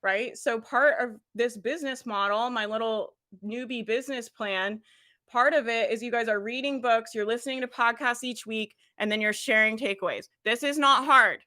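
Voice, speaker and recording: Energetic woman coach, bright voice pitched a touch high, talks straight to her audience with frequent laughs. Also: normal speed. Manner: energetic, laughs often, addresses listeners directly. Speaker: business coach. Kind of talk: motivational coaching talk.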